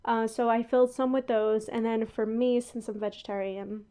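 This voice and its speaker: Young female podcast host, slightly high voice, loose rambling delivery full of asides. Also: flat delivery, moderate pace, dark tone. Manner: chatty and rambling, with frequent laughs and asides. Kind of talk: casual chat. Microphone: headphones on, talking into a podcast mic.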